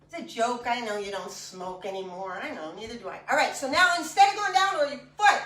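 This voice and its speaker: A high-voiced woman leads an exercise class, chatty and joking as she calls out each move. Her voice is bright and carries. It is picked up from a distance in an echoey room. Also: animated, fairly quick. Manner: chatty and joking between cues. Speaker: fitness instructor. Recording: echoey room, mic far off.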